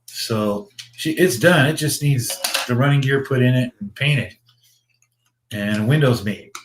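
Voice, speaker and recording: A man chatting casually on a livestream about his hobby builds. He rambles, restarts his sentences, swears freely and chuckles at his own jokes, in a voice of ordinary middle pitch. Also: unhurried, a little hiss or hum. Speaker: slot car builder and show host.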